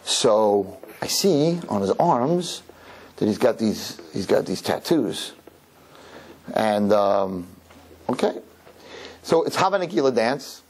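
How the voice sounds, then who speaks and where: A rabbi telling a lively personal story to an audience, acting out the dialogue as he goes. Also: lowish voice, slow, pauses often, breathy edge. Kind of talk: storytelling talk.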